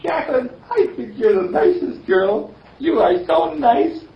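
A man voicing a little girl in a sermon story, speaking in a high, childish, pleading tone. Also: animated, a little slow, vocal fry, exaggerated voice. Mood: sweet. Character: sad lonely little girl who becomes sweet. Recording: distant roomy dull recording.

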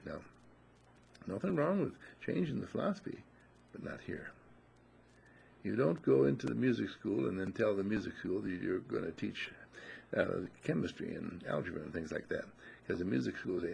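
A man's voice: fairly low pitch, normal speed, creaky, a little hiss or hum. A man giving an inspirational talk, telling a folksy parable with plenty of fillers. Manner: lively, folksy storytelling with fillers. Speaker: inspirational speaker.

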